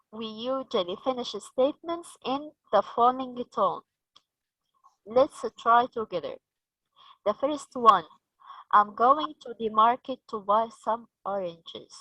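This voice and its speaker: A woman with an Egyptian accent leading a teacher training session, slow and patient, asking the group questions. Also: on the high side, bright, forceful tone, no echo, poor audio.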